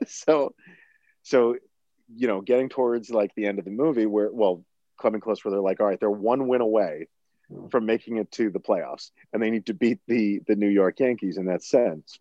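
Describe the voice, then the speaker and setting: A man's voice: fairly low pitch, normal speed, dark tone, no echo, muffled recording. A man in a casual podcast chat, animatedly retelling a movie, acting out quotes and laughing often.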